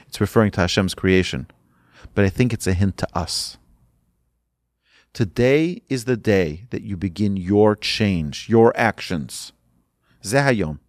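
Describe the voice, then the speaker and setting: A man's voice: on the low side, dry recording, clean studio sound. Emphatic male sermon teacher. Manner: urgent and emphatic, repeating phrases. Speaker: religious teacher.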